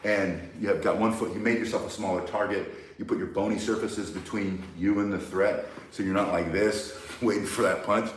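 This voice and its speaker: A man's voice: lowish voice, steady tone, moderate pace, hardly any pauses, slight background noise. A man teaching self-defense, bluntly and emphatically walking through each move step by step. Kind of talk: instructional demonstration. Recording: very echoey, mic far from speaker.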